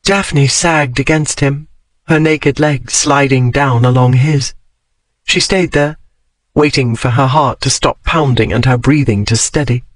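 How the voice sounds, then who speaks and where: A man reading a romance novel aloud in a steady, measured storytelling voice. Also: mid-range voice, no room sound, low-quality recording. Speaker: audiobook narrator. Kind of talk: scripted romance narration.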